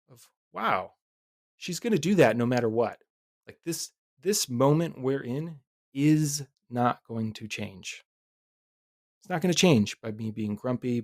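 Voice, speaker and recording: A man in his thirties hosting a podcast, telling a personal story in a relaxed, candid way with occasional swearing. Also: mid-range voice, no room sound, studio quality. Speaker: podcast host.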